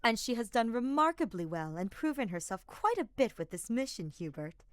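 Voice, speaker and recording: A woman's voice: fairly high pitch, big pitch swings, normal speed, no echo, studio quality, pitched above the performer's own voice. A woman doing a stern, commanding young leader. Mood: firm.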